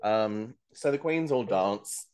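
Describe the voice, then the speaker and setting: Man, very low voice, gossipy podcast co-host, casual chat. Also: animated, takes it slowly, darkish tone. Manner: chatty, gossipy, laughs often. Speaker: podcast co-host recapping a TV show.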